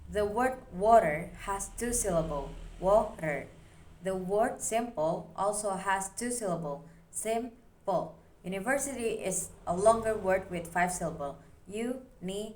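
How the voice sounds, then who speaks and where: A woman's voice: mid-range voice, lively intonation, moderate pace, hardly any pauses. A young woman student giving a recorded class presentation, explaining steadily as she reads through her slides.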